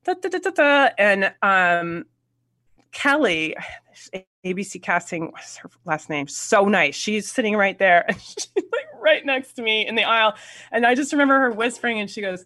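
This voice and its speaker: A woman's voice: mid-range voice, moderate pace, no room sound, studio quality. A woman telling an anecdote in a casual interview, acting out quoted lines and laughing often. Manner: animated storyteller, acts out quotes, laughs often. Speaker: actress guest.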